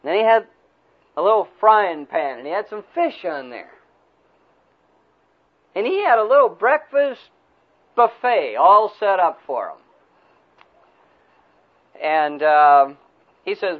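Male preacher, folksy storytelling sermon, high voice, tinny phone-like audio. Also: measured pace, long pauses. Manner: folksy, animated retelling.

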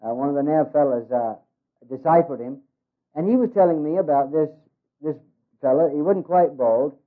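A ministry worker gives a humorous speech with jokes, delivered in a folksy way with many hesitations. His voice is on the high side at normal speed, and the recording sounds tinny, like phone-quality radio.

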